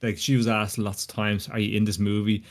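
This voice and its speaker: A man's voice: fairly low pitch, flat delivery, a little fast. A man in casual chat who is laid-back and hesitant, with lots of fillers.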